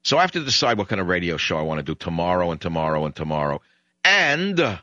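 A man's voice: deep voice, very animated, fast talker, sharp tone, dry recording, dull audio. Sarcastic ranting male radio host. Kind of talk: political talk radio monologue.

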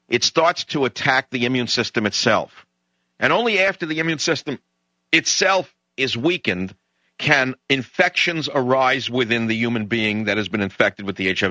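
A man's voice: mid-range voice, sharp tone, no room sound, rough recording. A man hosting a talk show, delivering an emphatic, indignant opinion monologue that stacks up points in lists. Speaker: radio talk show host.

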